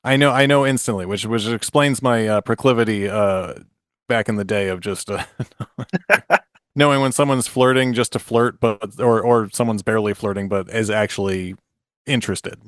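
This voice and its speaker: On a podcast with clean, dry studio sound, a forties-aged man with a lowish voice, speaking at normal speed, offers a comic retelling of a fairy tale. The chat is casual; he jokes, laughs frequently, and keeps restarting.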